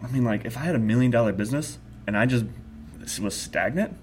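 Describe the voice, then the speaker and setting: A young man in a casual conversation, rambling with halting restarts. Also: mid-range voice, a little hiss or hum.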